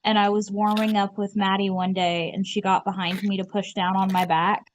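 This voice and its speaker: A woman's voice: mid-range voice, moderate pace, a little hiss or hum. A woman telling stories in casual chat, swearing freely and acting out what people said. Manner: animated storyteller, swears, acts out quotes.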